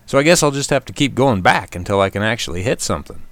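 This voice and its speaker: A man's voice: mid-range voice, lively intonation, fast, fairly bright tone, no echo. A man hosting a short outdoors radio segment, reading a scripted commentary in a wry, self-deprecating way.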